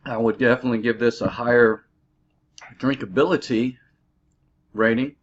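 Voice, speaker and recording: A man giving a casual beer review, halting and full of fillers, recorded on a dull lo-fi mic. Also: mid-range voice, steady tone. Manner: halting, filler-heavy, easygoing.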